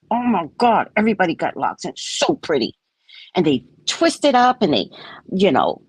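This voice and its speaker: A woman giving a casual spiritual talk as a psychic reader, lively in her stories, slow and hushed when she reads aloud from a book. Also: mid-range voice, breathy edge, no room sound, poor audio. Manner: animated, acts out voices in quoted exchanges, then slow and hushed when reading.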